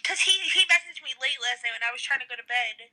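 A woman's voice: high voice, lively intonation, quick pace, bright, forceful tone. A teenage girl co-hosting a casual podcast, blunt and sarcastic as she teases her friend. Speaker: podcast co-host. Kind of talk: casual chat.

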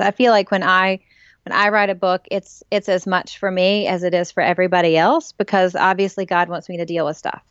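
A woman's voice: lowish voice, flat delivery, fairly quick, fairly bright tone, clear, resonant tone, no echo, muffled recording. A woman author and ministry director talking in a casual interview, telling stories animatedly and with emphasis.

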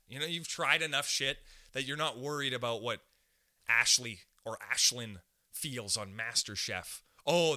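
A young man from Canada hosting a podcast, telling a comic story in a loose, animated way, swearing a lot and acting out the voices of other people. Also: medium pitch. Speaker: podcast host. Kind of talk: casual comedic storytelling.

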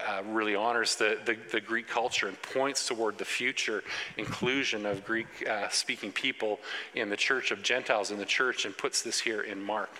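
Guy preaching to young folks, bright voice, keeps restarting words, long echo and faint noise in the room. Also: medium pitch. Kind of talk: sermon to young people.

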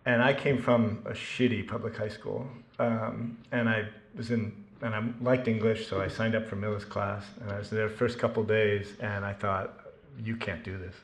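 A man's voice: fairly low pitch, little pitch movement, normal speed, echoey room. A man giving a talk before reading from his novel to an audience, self-deprecating and joking, with plenty of ums and restarts. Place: lecture room with an audience.

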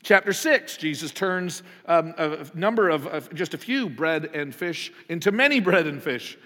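A man's voice: on the high side, lively intonation, a little slow, a bit bright. Conversational male pastor in reverberant hall. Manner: conversational, rhetorical questions, acts out voices. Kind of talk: sermon.

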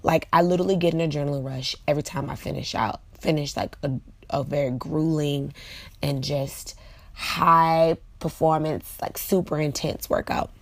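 A woman in her late twenties hosts her own vlog with a low voice and a gravelly edge to it. She chats casually to her viewers and uses plenty of fillers. The sound is dry and close, with no room echo. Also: steady tone, moderate pace. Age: late 20s. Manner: chatty, frequent fillers, talks to viewers directly. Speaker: vlog host. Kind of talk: casual motivational vlog monologue.

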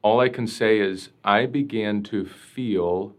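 A priest being interviewed, telling a personal story in an earnest, reflective way, full of casual fillers. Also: male voice, fairly low pitch, takes it slowly.

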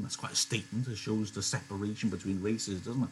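A man's voice: on the low side, steady tone, quick pace, hardly any pauses, a little hiss or hum. A man teaching a live online lesson, chatty and digressive, often interrupting himself. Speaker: English teacher. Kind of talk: live online lesson, reading a novel aloud.

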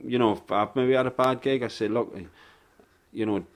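A man's voice: mid-range voice, fairly even intonation, normal speed. A middle-aged man, a stand-up comedian, chatting casually in a blunt, laid-back, sweary way. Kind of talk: casual podcast chat.

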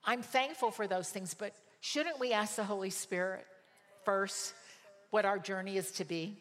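A woman's voice: medium pitch, measured pace. A woman preaching a sermon, telling stories emphatically and repeating words for stress. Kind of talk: sermon with personal storytelling. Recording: long hall reverb.

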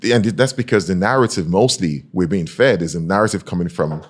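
A man's voice: low-pitched, a little fast, breathy edge. A man from Nigeria, telling stories animatedly in casual chat. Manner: animated storytelling, expressive.

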